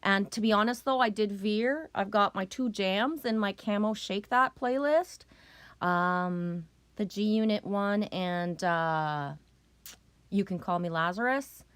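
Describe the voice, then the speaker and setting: A woman's voice: mid-range voice, takes it slowly, a bit bright, clear, resonant tone, no room sound. A middle-aged woman chatting casually on a live stream, loose, profane and rambling as she greets viewers.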